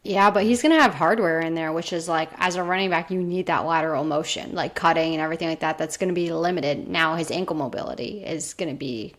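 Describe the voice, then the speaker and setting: A woman's voice: deep voice, fast, hardly any pauses. A woman co-hosting a sports podcast, explaining things in a matter-of-fact, casual way. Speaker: podcast co-host.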